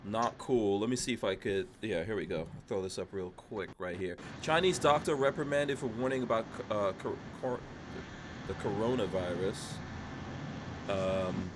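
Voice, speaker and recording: A man hosting a casual livestream podcast, reading out viewer comments in a relaxed manner. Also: fairly low pitch, moderate pace, noisy background. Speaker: podcast host.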